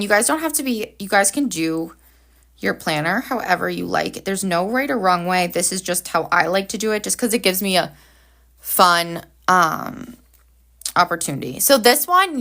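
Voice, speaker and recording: A female planner livestream host with a mid-range voice and sharp tone draws on camera. Throughout, she chats casually and cheerfully with the people watching.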